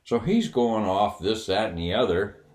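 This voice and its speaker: A man's voice: lowish voice, animated, normal speed, darkish tone. An older man, a retired officer, telling a wry anecdote in a casual, candid way with fillers and chuckles. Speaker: retired Air Force officer telling a story. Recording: roomy echo.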